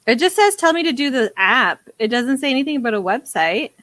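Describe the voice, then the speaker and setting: A woman's voice: high-pitched, expressive, brisk, fairly bright tone, no echo. A young woman co-hosting a podcast, chatting casually in a giggly, self-mocking way. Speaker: podcast co-host. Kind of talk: casual chat.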